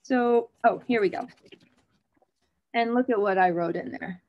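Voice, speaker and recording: A woman's voice: on the high side, a little slow, highs cut off. A woman OB/GYN, a guest on an interview show, talking frankly and with humor about her field. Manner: frank, animated and joking. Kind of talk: conversational interview.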